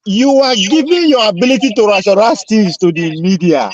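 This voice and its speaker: Nigerian host stumbling into his points, higher voice, muffled lo-fi audio. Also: a little fast. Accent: Nigerian Pidgin. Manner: hesitant, stammering starts. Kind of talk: moderating a heated debate. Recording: dull lo-fi sound.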